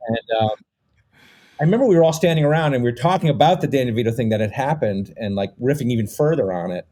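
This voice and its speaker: A man's voice: medium pitch, animated, quick pace, mellow. A middle-aged man as a podcast guest, swearing casually and rambling through stories with lots of fillers. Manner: rambling storytelling, many fillers. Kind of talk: casual conversation.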